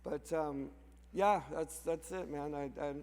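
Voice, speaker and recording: A man's voice: on the high side, fairly even intonation, slow pace, darkish tone. A mushroom farmer from Canada giving an emotional, off-the-cuff speech to a crowd, rambling and restarting his sentences with small laughs. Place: large hall. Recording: long hall reverb.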